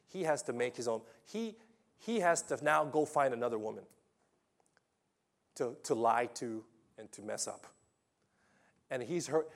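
A man preaching a sermon as pastor, with dramatic swings between loud emphasis and quiet asides. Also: mid-range voice, vocal fry.

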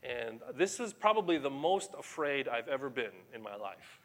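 A man's voice: medium pitch, sing-song, normal speed. A middle-aged man preaching a sermon as pastor, emphatic and conversational, explaining scripture to his congregation.

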